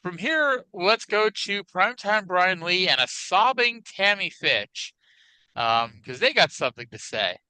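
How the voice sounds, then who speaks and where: A man's voice: high voice, very animated, a little slow, pushed and bright, clear, resonant tone, poor audio. A man co-hosting a wrestling podcast in casual chat, wry and chatty with hedging asides, on a close mic. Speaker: podcast co-host.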